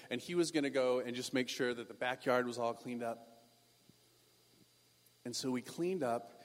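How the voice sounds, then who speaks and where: A pastor telling a personal story in a sermon, animated and self-deprecating. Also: male voice, mid-range voice, big-room sound.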